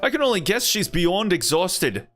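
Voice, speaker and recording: A man's voice: high-pitched, sing-song, moderate pace, fairly bright tone, faint music behind, voice pushed up. A man voicing a cheerful young male ally in a put-on, exaggerated Irish accent, reading game dialogue aloud. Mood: chatty. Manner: chatty, exaggerated lilt.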